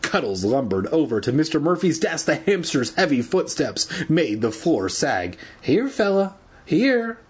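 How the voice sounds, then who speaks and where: A man's voice: medium pitch, very animated, normal speed, hardly any pauses, breathy edge. A man reading a storybook aloud at home, with irreverent, swearing asides. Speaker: reader.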